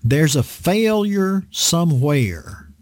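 An earnest male preacher speaks in a slightly raised voice that rises and falls with lively swings. He takes his time and often halts on fillers and restarts. The sound is dry and close. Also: on the high side, takes it slowly, dry recording. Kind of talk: unhurried sermon-style talk on a program.

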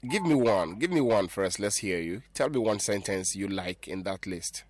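A man's voice: lowish voice, lively intonation, normal speed. A man hosting a call-in radio lesson, patiently coaching callers to repeat phrases and laughing easily. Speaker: radio host teaching French.

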